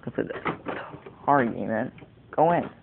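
A man's voice: medium pitch, animated, brisk, gravelly, narrow, tinny audio, noisy background. A teenage boy rambling through a casual video blog, digressing often and swearing casually. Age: teens. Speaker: vlogger.

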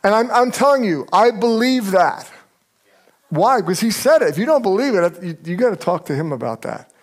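An older man delivers a sermon as pastor, his voice high and his pace normal. He tells stories energetically and acts out the people he quotes.

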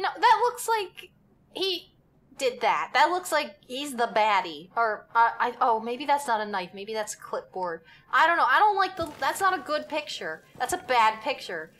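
A woman's voice: a little high, pushed and bright. Jumpy, giggly young woman streamer. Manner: jittery, swearing, giggly, talks to herself. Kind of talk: live gaming commentary.

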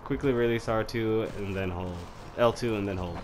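A young man casually commenting while playing a fighting game, trash-talking opponents and shouting battle cries. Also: fairly low pitch, normal speed, slight background noise. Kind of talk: casual let's-play commentary.

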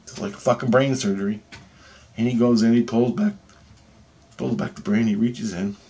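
A man's voice: mid-range voice, fairly even intonation, normal speed, dark tone. A man casually recounting an experience in a rambling, profane way, acting out both sides of the conversation. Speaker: channel host.

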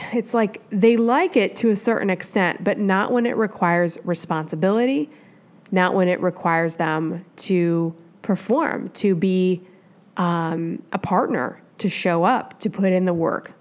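A woman's voice: medium pitch, measured pace. A woman from the Midwest hosting a solo advice podcast, talking in a chatty, rambling way with lots of asides. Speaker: podcast host.

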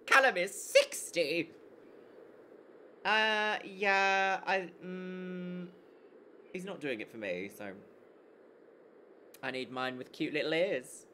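A woman on a casual live stream, playing a game and chatting with her chat in an animated, giggly way. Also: fairly low pitch, slow pace, pauses often, slight background noise.

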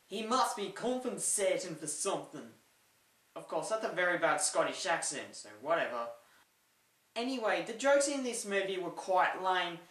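Woman, comedic film review, sarcastic, deadpan jokes, roomy echo, distant mic. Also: mid-range voice. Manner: sarcastic, opinionated, deadpan asides.

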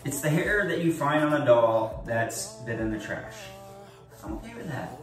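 A man's voice: medium pitch, expressive, normal speed, soft background music. A man chatting casually to camera in a playful, joking, upbeat way. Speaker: vlogger. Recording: echoey room, mic at a distance.

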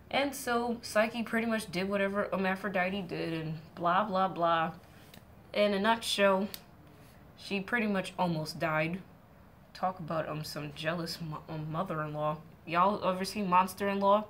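A woman's voice: fairly low pitch, measured pace, slight background noise. A young woman streamer casually retelling a myth to her viewers, joking around and acting out the characters in playful voices. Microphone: streaming setup mic.

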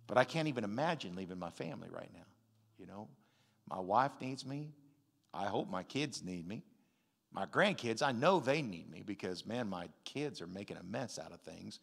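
Slow, emphatic older preacher. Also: male voice, medium pitch, creaky. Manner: emphatic, swings between loud stresses and quiet asides. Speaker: pastor. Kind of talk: sermon. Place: large church sanctuary. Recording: long hall reverb.

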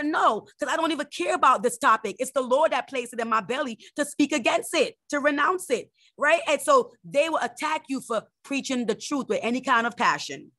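A woman's voice: fairly quick, a bit bright, no room sound. A woman minister preaching fervently in an online morning prayer, quoting scripture and mocking critics in a raised voice. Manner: fervent preaching with Bible quotes; mocks critics in a high voice.

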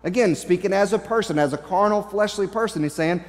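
A man's voice: sits high, a little fast. A man preaching a sermon with passion, often repeating and restarting his phrases as he paraphrases scripture in the first person. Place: church sanctuary. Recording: long hall reverb in a church.

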